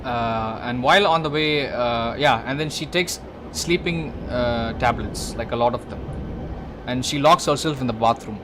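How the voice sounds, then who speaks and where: A man retells a movie's plot casually on a gaming livestream, his mid-range voice moving at a moderate pace against a noisy background. He rambles through plenty of restarts and swearing while addressing the listener directly.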